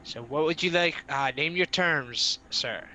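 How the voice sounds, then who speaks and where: A man playing a polite, diplomatic adventurer envoy who talks hesitantly, full of pauses and restarts. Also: a little high, sharp tone, slight background noise. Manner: hesitant, many uhs and restarts.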